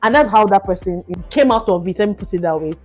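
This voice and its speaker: Nigerian woman co-host, rapid and animated, faint music under her, chatty podcast talk. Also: medium pitch. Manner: fast-talking, animated, repeats herself. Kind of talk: casual chat.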